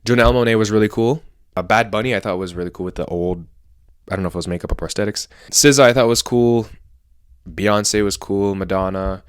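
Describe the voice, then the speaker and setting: A man's voice: lowish voice, brisk, clear, resonant tone, no room sound, studio quality. A man vlogging casually about fashion, chatty and opinionated, rambling with self-corrections. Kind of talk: casual talking-head vlog.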